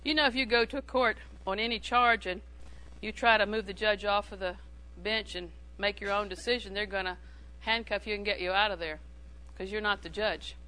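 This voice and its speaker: A woman's voice: medium pitch, fairly even intonation, brisk, hardly any pauses, bright, forceful tone, poor audio. A woman preaching a sermon in a humorous, conversational way, repeating phrases for emphasis.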